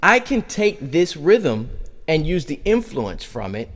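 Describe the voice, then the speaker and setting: A man's voice: on the high side, sing-song, slow. A man teaching a conga lesson, counting beats aloud and vocalizing drum sounds as he demonstrates. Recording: reverberant room with loud congas.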